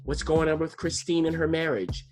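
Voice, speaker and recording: A man's voice: fairly high pitch, normal speed, a little mellow, faint music behind. Chatty man rambling through a TV review. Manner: chatty, enthusiastic, rambling with frequent restarts. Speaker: podcast co-host reviewing TV. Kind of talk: casual TV review chat.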